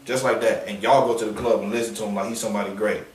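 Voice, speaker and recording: A man preaching on a downtown street in a forceful, confrontational, slangy manner, with call-and-response from listeners. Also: on the low side, fairly even intonation, racing, a little hiss or hum. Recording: echoey street sound from a distance.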